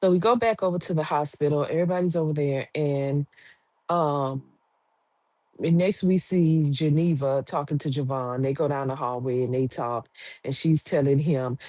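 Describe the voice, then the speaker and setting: A woman's voice: deep voice, measured pace, dark tone, no room sound. A woman giving a chatty, slangy recap of a TV drama episode, acting out the characters' lines. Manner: chatty, slangy, acts out quotes. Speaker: TV episode reviewer.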